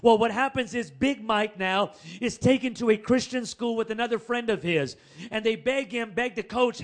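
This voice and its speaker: A male pastor telling a story in a sermon, chatty and animated, with laughing asides and calls to the congregation. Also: sits high, moderate pace.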